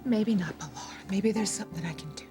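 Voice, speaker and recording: A woman playing a soft-spoken, reassuring doctor. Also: medium pitch, fast, over music, natural voice. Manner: soft, reassuring, often hushed. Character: caring female doctor.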